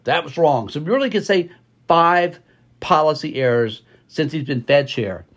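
Podcast host, a man with a fairly high voice, forceful and repetitive market commentary, lots of fillers. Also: slightly rough. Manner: emphatic, repeats words for stress; frequent fillers and restarts.

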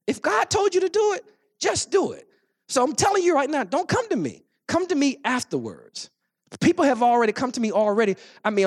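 A male pastor preaching a sermon, telling a story and rising into shouted exhortation, with speech. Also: high-pitched.

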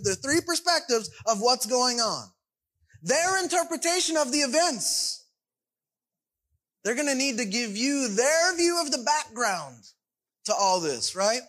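A man's voice: extremely high pitch, pushed and bright, poor audio. A man preaching a sermon in a conversational way, often checking in with his congregation. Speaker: pastor.

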